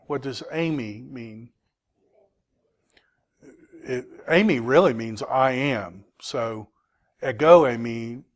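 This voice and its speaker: A man teaching a Greek class, asking students questions and patiently explaining grammar. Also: mid-range voice. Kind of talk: classroom lesson.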